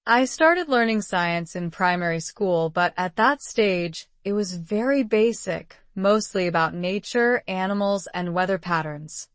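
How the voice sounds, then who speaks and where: A woman reading out model exam answers in an even, polished, measured way. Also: medium pitch, dry recording. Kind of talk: scripted reading of sample answers.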